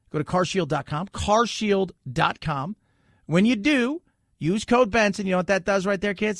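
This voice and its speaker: Guy hosting talk radio, kinda high voice, gravelly, close dry mic, chatty and joking. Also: dry recording. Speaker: radio talk show host. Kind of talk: casual opinionated talk radio.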